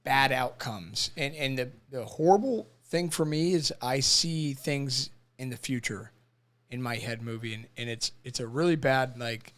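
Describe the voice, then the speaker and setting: A young man on a podcast talking haltingly and often repeating his words, with his voice trailing off at times. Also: medium pitch, a bit bright. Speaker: podcast co-host, veteran. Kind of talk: casual conversation.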